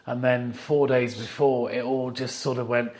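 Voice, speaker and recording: A middle-aged man sits in his office as a podcast guest and tells his stories with real animation. He acts out the lines he quotes, and his voice sits at a middle pitch for a man. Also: little pitch movement, moderate pace, a little mellow. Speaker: podcast guest, watch company founder. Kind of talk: casual chat.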